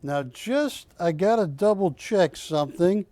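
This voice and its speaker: A man's voice: sits high, lively intonation, unhurried, dark tone. A man hosting a live shopping-channel auction, bantering and calling out bids in a studio. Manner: jokey, chatty, calls bids and counts them down. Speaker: auction host.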